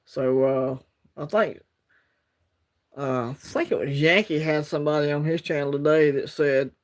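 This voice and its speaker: A man's voice: fairly high pitch, normal speed. A man with an Alabama Southern accent hosting a casual livestream, chatting in a laid-back, rambling way and greeting viewers by name. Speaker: livestream host.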